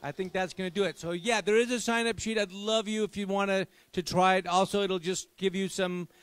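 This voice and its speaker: A man's voice: high voice, fairly even intonation, a little fast, a bit bright, clear, resonant tone, no echo. A man who writes children's books, giving playful, coaxing instructions to a young audience at a live library event. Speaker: children's author and performer.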